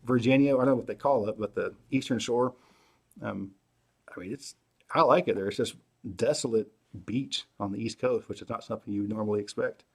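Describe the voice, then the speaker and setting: A middle-aged man hosting a casual livestream Q&A, answering viewer questions in a relaxed way, thinking aloud with many fillers and restarts. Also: medium pitch, brisk, vocal fry, slightly rough. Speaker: host.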